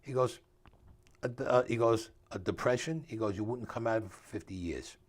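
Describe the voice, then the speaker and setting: A man's voice: mid-range voice, a little fast. An older man, telling stories in a casual interview and acting out the dialogue in a streetwise way. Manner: streetwise storyteller, acts out dialogue, drops grammar. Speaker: author and guest.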